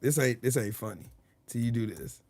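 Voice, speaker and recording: A man's voice: mid-range voice, expressive, normal speed, darkish tone, no room sound. A man hosting a casual livestream, joking crudely and swearing often. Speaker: livestream host. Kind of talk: casual live-stream chat.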